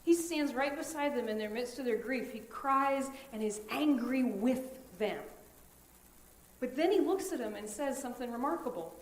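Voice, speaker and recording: A woman pastor preaching a sermon in an earnest, conversational way, with dramatic pauses. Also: sits high, expressive. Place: church sanctuary. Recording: echoey church sanctuary.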